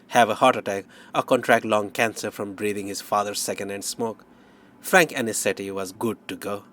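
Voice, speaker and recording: A man narrating an audiobook in first person, wry and measured. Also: lowish voice.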